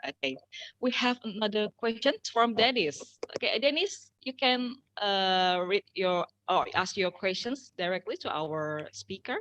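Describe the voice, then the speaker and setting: A woman's voice: mid-range voice, lively intonation, measured pace, a bit bright. A woman moderating an online seminar, speaking hesitantly with many fillers. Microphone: video call.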